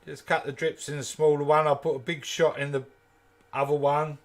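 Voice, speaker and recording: Working at the lathe, a woodturning channel host from East London, who speaks with a Kent accent, jokes around and answers viewer comments in a casual live demo chat. He talks at a normal speed in a fairly high voice that barely moves in pitch.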